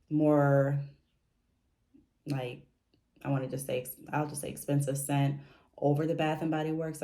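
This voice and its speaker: A woman talks casually to her viewers in a low, mellow voice. She rambles a bit, trailing off and restarting her thoughts with easygoing fillers, in a relaxed home-vlog manner. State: briefly out of breath after stairs. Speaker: vlogger.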